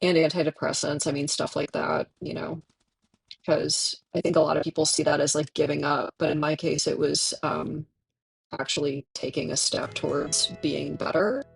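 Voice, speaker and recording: A streamer in their twenties, hoarse from tonsillitis, chatting candidly with viewers and laughing often while playing a game. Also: medium pitch, little pitch movement, normal speed, no room sound, soft background music. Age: 20s. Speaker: livestreamer reading chat.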